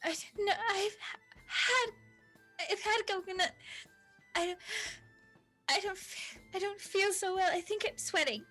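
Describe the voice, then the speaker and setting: A woman's voice: very high voice, unhurried, pauses often, sharp tone, soft background music, voice pushed up, heavily acted. A woman voicing a frail young nobleman who stammers fretfully. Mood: panicked. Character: frail, panicky young nobleman, feeling faint.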